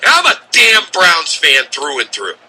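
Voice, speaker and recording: A man hosting sports talk radio, ranting and shouting in exasperation from the studio. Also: fairly high pitch, wildly swooping pitch, moderate pace, a little hiss or hum, rough recording.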